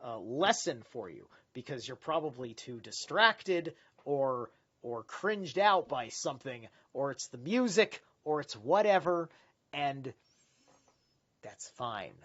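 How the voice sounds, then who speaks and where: A man's voice: medium pitch, sing-song, slow, fairly bright tone, breathy edge, highs cut off. A man hosting a live stream, reading a philosophy text aloud and rambling candidly between passages, swearing and restarting often. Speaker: livestream host reading philosophy.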